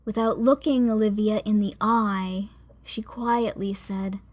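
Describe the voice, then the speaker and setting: An audiobook is narrated by a woman at medium pitch, her scripted reading both expressive and measured.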